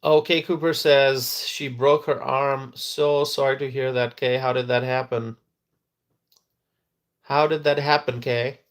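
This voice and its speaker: A man hosting a live stream, chatting with viewers and talking softly and slowly to rest his tired voice. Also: mid-range voice, flat delivery.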